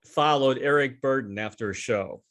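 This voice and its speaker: A man's voice: mid-range voice, normal speed, a bit bright. An older man hosting an interview, chatty and rambling through anecdotes while laughing at his own stories. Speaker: interview host. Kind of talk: casual interview chat.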